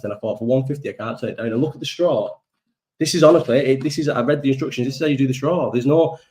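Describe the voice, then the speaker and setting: Young guy doing a live stream, rambly and sweary, laughs a lot, normal pitch. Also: a little mellow. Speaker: live-stream chat host. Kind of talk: casual live-stream chat.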